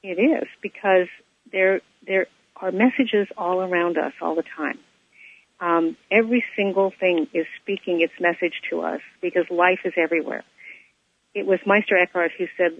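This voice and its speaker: A woman co-hosting a radio show, telling a teaching story and reflecting on it, with a husky voice and a habit of repeating phrases for emphasis. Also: fairly low pitch, fairly even intonation, normal speed, dry recording. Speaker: co-host and spiritual teacher. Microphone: telephone. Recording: tinny phone line, dry.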